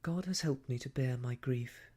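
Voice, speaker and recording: A man voicing a gentle, earnest young woman in a whispered role-play, speaking softly and sincerely. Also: mid-range voice, moderate pace, natural voice. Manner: soft, sincere and quiet.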